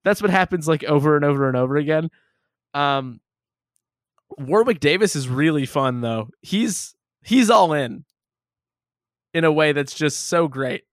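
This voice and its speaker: A man's voice: fairly high pitch, unhurried, pauses often, no echo, clean studio sound. A man co-hosting a casual movie review chat who jokes and laughs a lot. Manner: animated, laughs often, jokey asides. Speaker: podcast co-host.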